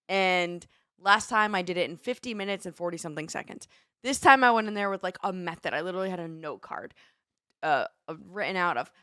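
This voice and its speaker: A young adult woman co-hosting a podcast, telling stories in an animated casual chat. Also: fairly low pitch, dry recording, studio quality. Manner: animated storytelling, shouts quoted cheers. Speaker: podcast co-host.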